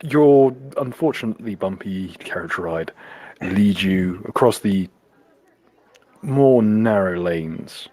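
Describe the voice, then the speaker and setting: A man's voice: on the low side, lively intonation, takes it slowly, warm tone, no echo. A man narrating a tabletop game as game master, laughing and swearing as he stumbles over words.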